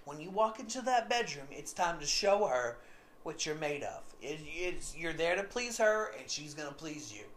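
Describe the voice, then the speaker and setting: A man's voice: on the high side, sing-song, normal speed, fairly bright tone, slight background noise. A man telling a story in a casual, rambling monologue, repeating himself often. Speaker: vlogger.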